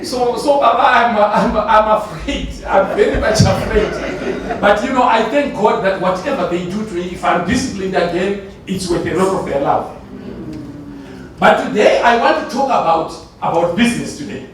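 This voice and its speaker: A man, a church elder from Zimbabwe, giving an animated testimony at a conference, laughing often and repeating himself. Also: sits high, normal speed. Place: large conference hall. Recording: echoey hall from far off, faint noise.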